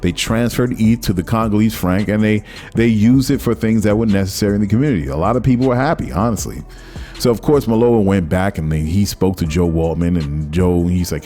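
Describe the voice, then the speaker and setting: A man with a low, mellow voice hosts his own podcast, chatting casually and loosely. He rambles and stops to hunt for the right word. Soft music sits faintly under him. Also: a little fast. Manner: rambling, conversational, searches for words. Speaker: podcast host. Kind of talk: casual solo commentary.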